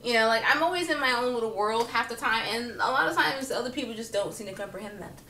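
A woman vlogger talking casually and comically to the camera, chatty and animated with many fillers and frequent laughter. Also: on the high side, fast talker, a little hiss or hum. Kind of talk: casual comedic monologue to camera. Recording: roomy echo, speaking from a distance.

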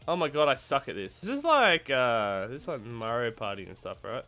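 A gamer giving let's-play commentary who yelps and shouts at the game, swears and mocks their own skill. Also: mid-range voice, very animated, normal speed, faint music behind.

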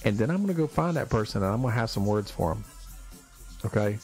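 A man's voice: lowish voice, lively intonation, fast talker, darkish tone, faint music behind. A man hosting a casual live stream, talking in an emphatic, fired-up rant.

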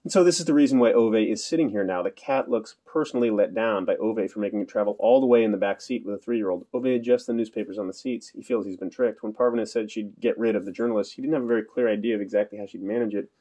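A man reading an audiobook aloud. His telling is dry and understated, and it moves at a quick pace. His voice is low, with a dark, mellow tone. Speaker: audiobook narrator. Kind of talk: scripted narration.

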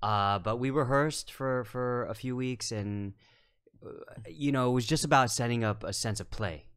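A man talking in a casual podcast, a film director explaining his work in a relaxed, thoughtful way with many fillers. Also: medium pitch, normal speed, smooth. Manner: relaxed, thoughtful, lots of "you know" and "like".

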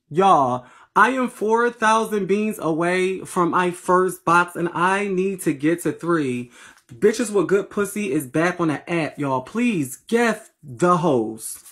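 With a fairly low, fairly bright voice, a woman from Philadelphia runs a playful late-night phone livestream, trading profane, slangy banter and sassily thanking those watching through the app.

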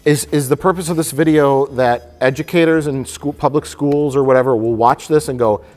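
A man's voice: medium pitch, fairly even intonation, normal speed, darkish tone. A man co-hosting a comedic review panel, rambling and stammering as he jokes. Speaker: co-host of a movie review show. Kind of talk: casual comedic panel chat.

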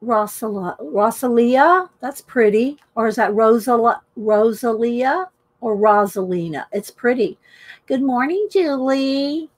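Middle-aged woman host, high voice, unhurried, chatty live-stream greeter. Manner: chatty, greets viewers by name. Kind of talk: casual live-stream chat while coloring.

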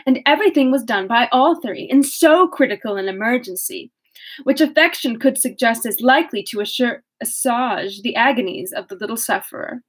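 A woman's voice: on the high side, breathy edge. A young woman reading a classic novel aloud, casually, correcting her slips and breaking off into laughing asides. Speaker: audiobook reader.

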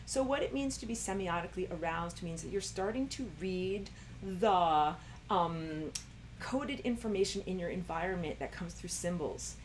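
A woman's voice: on the low side, expressive, normal speed, slight background noise. A woman teaching a recorded online lecture, rambling with many fillers and jumping into a raised voice when she acts out quoted thoughts. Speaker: spiritual teacher.

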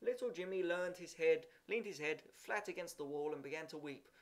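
A man's voice: on the high side, brisk, few pauses. A man reading a story aloud, with occasional slips and restarts. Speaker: reader. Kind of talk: amateur audiobook reading.

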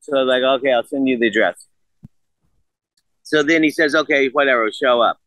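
A podcast guest in his sixties has a mid-range voice and a brisk pace, and the recording is rough. Casual and animated, he swears his way through a story, acting out the quoted back-and-forth.

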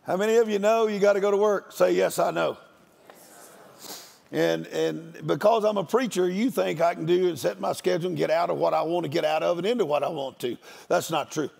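Older man, guest preacher, high voice, very gravelly, folksy joking sermon. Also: fast talker, few pauses, a little mellow. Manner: folksy, joking, drawling country talk. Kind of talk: storytelling sermon.

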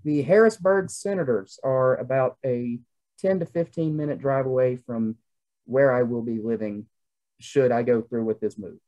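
This young Southern co-host has a warm, mid-range voice and a moderate pace. He's chatty on the podcast, with a Southern American accent, rambling casually and leaning on lots of fillers.

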